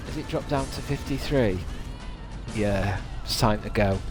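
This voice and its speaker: A man's voice: on the low side, a little slow, music in the background. A male game streamer chatting at his desk at home, rambling with self-mocking jokey asides as he signs off. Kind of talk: casual stream sign-off chat.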